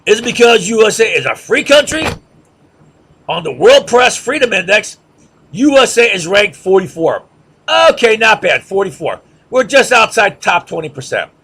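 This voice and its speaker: Man, lecturer, husky gravelly high voice, mocking rhetorical style. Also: sing-song, moderate pace, a bit bright. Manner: sarcastic, mocking chants and repeated questions.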